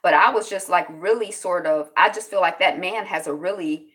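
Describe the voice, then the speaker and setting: A woman hosting a casual live news commentary, chatting with viewers and greeting them by name, sometimes breaking into loud exclamations. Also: on the low side. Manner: chatty, greets viewers in the chat, quick laughs. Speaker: host of a news commentary channel.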